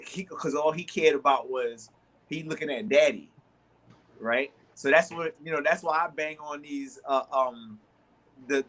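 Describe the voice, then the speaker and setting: A man's voice: on the high side, fairly bright tone. A man, co-hosting a sports talk show and telling long stories with many restarts, acting out both sides of an argument. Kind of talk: animated storytelling in casual chat.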